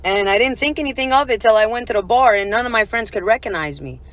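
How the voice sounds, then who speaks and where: A woman telling a comic story in a casual, animated way, swearing freely. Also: on the high side, quick pace.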